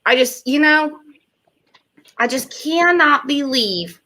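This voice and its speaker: A woman's voice: high-pitched, expressive, takes it slowly, long pauses, sharp tone. Blunt emphatic woman host. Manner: blunt, emphatic, repeats herself. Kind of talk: casual chat.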